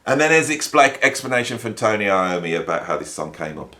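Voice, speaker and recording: A man's voice: lowish voice, sing-song, a little fast, pushed and bright. A middle-aged man from the Midlands, hosting a casual music commentary in a wry, rambling, mock-exasperated way. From English Midlands. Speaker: YouTube host and music educator.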